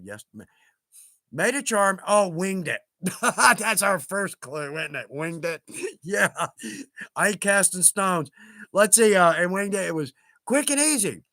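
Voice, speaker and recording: Male livestream host, high bright voice, chatty and self-deprecating, quick to laugh, dry close sound. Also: no echo. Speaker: livestream host reading viewer comments. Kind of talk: casual livestream chat.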